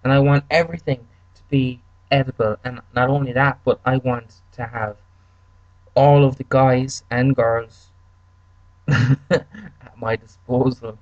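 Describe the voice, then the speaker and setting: A man's voice: mid-range voice, fairly even intonation, a little slow, darkish tone, no room sound, dull audio, close to an everyday voice. A man voicing a castaway who gushes about his wishes and piles up one demand after another. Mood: gushing. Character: wish-crazed castaway man, greedy and giddy.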